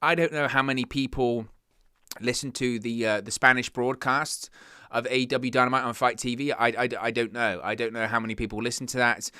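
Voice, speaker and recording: A man's voice: medium pitch, steady tone, a little fast, pushed and bright, clean tone, no echo, clean studio sound. A young man hosting a wrestling news show, talking earnestly and stumbling over words when he gets worked up. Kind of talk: casual news commentary.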